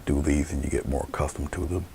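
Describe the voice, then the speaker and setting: A man teaching painting in a relaxed, chatty way, talking through his brushwork as he paints live. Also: rumbling low, fast, vocal fry. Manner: relaxed, chatty, thinking aloud. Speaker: painting instructor.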